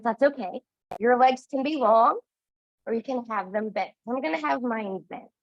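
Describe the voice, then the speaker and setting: A woman's voice: on the high side, dry recording, highs cut off. A woman instructor guiding a Pilates class, counting reps and giving encouraging cues, a little out of breath. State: slightly out of breath.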